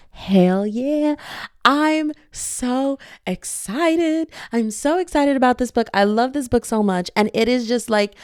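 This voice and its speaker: A woman hosting her own podcast, chatting casually and excitedly about a book she loves. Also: mid-range voice, clear, resonant tone, no echo, studio quality. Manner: animated, gushing, laughs often. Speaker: podcast host.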